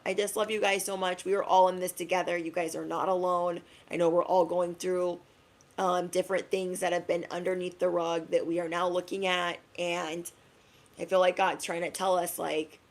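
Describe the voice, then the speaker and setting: Young woman, lowish voice, casual spiritual pep talk, slangy, chatty. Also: little pitch movement, gravelly. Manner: chatty, slangy, acts out quick asides. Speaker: spiritual reader.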